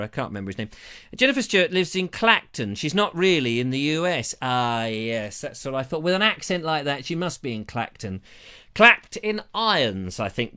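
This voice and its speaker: Bright, lively, jokey British man. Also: on the high side. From Britain. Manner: jokey, chatty, digressive. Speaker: host of a live show. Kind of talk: rambling live-stream chat reading viewer comments. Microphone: lavalier mic.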